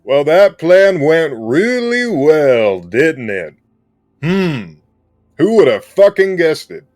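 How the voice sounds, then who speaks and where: A man's voice: a little high, sing-song, a little fast, vocal fry, mellow. A man voicing a sarcastic, grumbling male mercenary in a tabletop game, with a sardonic drawl.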